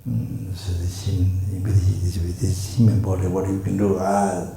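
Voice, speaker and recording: An older man with a Tibetan accent giving a Buddhist teaching in English, halting with many fillers and repeated words, and suddenly loud for emphasis. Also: low voice, flat delivery, gravelly. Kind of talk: Dharma teaching. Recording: echoey hall with faint noise.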